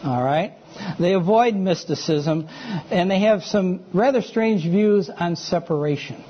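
High-voiced man teaching from the pulpit. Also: measured pace, lo-fi sound, a little hiss or hum. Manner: conversational, checks in with listeners. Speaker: preacher. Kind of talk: sermon-style teaching lecture.

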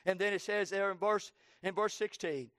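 A man preaching a sermon with fervor, swinging between loud cries and hushed tones and repeating his phrases for emphasis. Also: high voice, moderate pace, clear, resonant tone, no room sound, studio quality.

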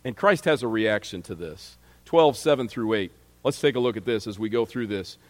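A man's voice: on the low side, moderate pace, in a large hall. A man preaching a sermon in a conversational way, reading scripture aloud and often restarting his sentences.

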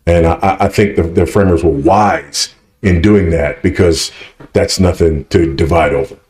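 A low-pitched man answers questions at a conference, pressing his points hard and tagging them with quick checks for agreement. His voice rings through an echoey hall. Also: darkish tone. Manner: emphatic, checks understanding with repeated "right?". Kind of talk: Q&A teaching.

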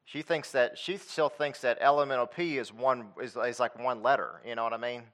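A man preaching a sermon with emphatic, repetitive phrasing, dropping into quiet conversational asides. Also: medium pitch, fairly even intonation, normal speed.

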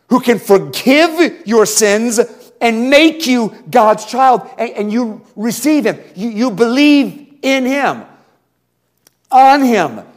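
A male pastor preaching a revival sermon, swinging from loud pleading to hushed, slow emphasis. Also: a little high.

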